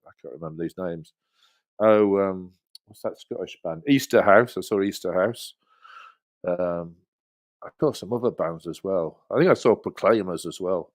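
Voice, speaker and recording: In a casual chat, an English man in his fifties appears as a guest and tells rambling stories, with many restarts and laughs. His voice is deep and moves at a normal speed.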